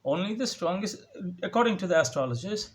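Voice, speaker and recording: A man's voice: high voice, animated, brisk. A young man ranting sarcastically at home into a phone, mimicking others with a raised voice. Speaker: vlogger. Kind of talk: casual ranting monologue. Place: home, indoors.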